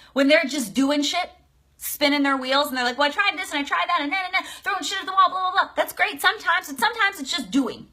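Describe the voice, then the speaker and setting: Brief: high, bright-toned woman coach, energetic live-stream delivery, exclamatory, casually profane. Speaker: life coach.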